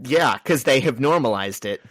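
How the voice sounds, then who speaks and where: A man's voice: mid-range voice, lively intonation, normal speed, fairly bright tone, no echo. Dry-sounding man arguing his point. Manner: argues his point, defending characters. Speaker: podcast co-host. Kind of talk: casual comic-book podcast chat.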